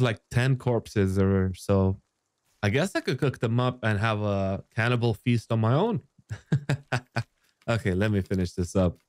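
A young man giving excitable let's play commentary on a survival game, swearing and shouting in surprise. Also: no echo. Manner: excitable, swears, jumps high when surprised. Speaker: gaming YouTuber.

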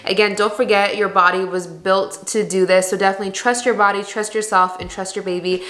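Chatty young woman vlogger, bright voice. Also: mid-range voice, little pitch movement, fairly quick. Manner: chatty, candid, lots of "like" and "you guys". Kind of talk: casual chat to camera. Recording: echoey room.

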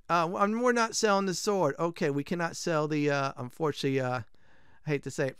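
A man's voice: a little high, fast talker, fairly bright tone, clean tone, no echo, studio quality. Casual man hosting a game playthrough. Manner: casual, rambling, many fillers. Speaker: gaming channel host. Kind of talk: let's play commentary.

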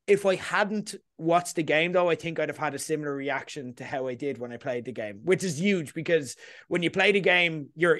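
A man hosting a casual podcast chat, talking in an animated way and often asking "you know what I mean". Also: a little high, dry recording, clean studio sound. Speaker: podcast host. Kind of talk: casual chat about a TV episode.

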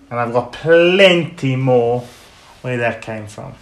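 A man hosting a casual podcast, reacting excitedly to rap tracks and swearing freely. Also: medium pitch, takes it slowly. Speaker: podcast host. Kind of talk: casual music reaction chat. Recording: echoey room, music playing. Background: music.

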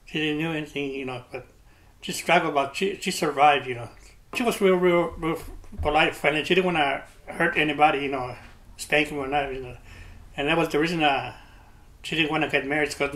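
Bright-voiced older man, earnest memories. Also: a little high, fairly quick. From South Texas. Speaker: interviewee. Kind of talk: oral history recollection.

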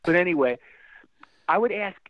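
Middle-aged male rock singer, animated talker, somewhat high voice, heard dry over a phone-like line. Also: moderate pace, dry recording. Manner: animated storyteller with restarts and fillers. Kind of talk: casual interview storytelling.

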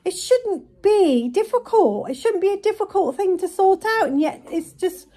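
A woman vlogger venting casually to camera, retelling a frustrating complaint in an exasperated, animated way. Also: very high voice, normal speed.

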